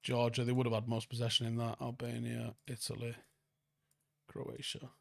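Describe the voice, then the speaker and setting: Manc bloke doing a live footy review, reads out chat n swears a lot, average pitch voice. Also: male voice, completely flat delivery, normal speed, gravelly, fairly bright tone. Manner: blunt, sweary, reads viewer comments aloud and answers them. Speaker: football channel host.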